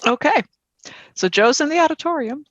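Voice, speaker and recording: A woman playing a tabletop role-play game, asking the game master deliberate questions. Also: high voice, lively intonation, no echo, dull audio. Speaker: player.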